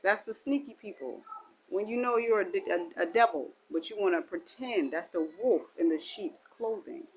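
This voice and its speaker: A woman's voice: medium pitch, lively intonation, moderate pace, darkish tone, breathy edge, low-quality recording. Woman giving a meandering spiritual talk. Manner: meandering, repetitive, folksy. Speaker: self-styled spiritual teacher. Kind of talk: spiritual monologue.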